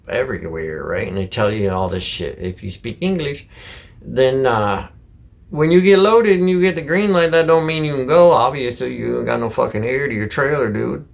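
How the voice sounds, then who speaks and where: A middle-aged man from Michigan rants to camera about life on the road, in loose, blunt and heavily profane talk. His voice sits at an ordinary pitch for a man. The talk is casual and full of folksy slang. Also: gravelly. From Michigan, USA. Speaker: truck driver vlogger.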